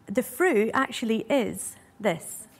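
A woman's voice: fairly high pitch, animated, slow. A woman preaching a sermon in a church hall, earnest and emotional, asking her listeners many rhetorical questions.

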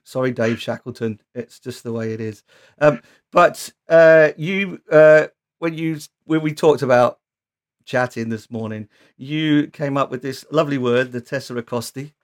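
Teasing male chat-show host. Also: mid-range voice. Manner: teasing, encouraging. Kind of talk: casual chat.

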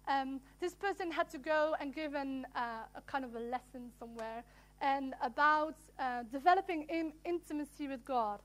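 A woman with a high, light voice leads a small prayer gathering. She speaks earnestly and gently, pausing and restarting as she reads a devotional passage aloud.

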